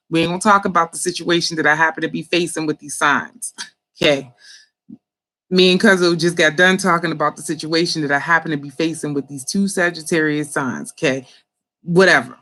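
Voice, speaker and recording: A woman hosting an online talk, telling a family story in a casual, animated, profane way with slangy speech and frequent laughter. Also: low voice, fairly quick. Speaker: host.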